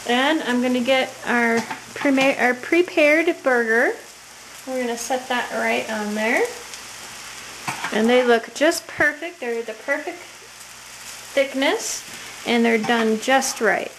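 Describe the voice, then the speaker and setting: A woman's voice: fairly high pitch, slow, pauses often. A woman giving a chatty, enthusiastic cooking demonstration in a home kitchen. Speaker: home cook. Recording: echoey kitchen, voice from far off, loud frying noise.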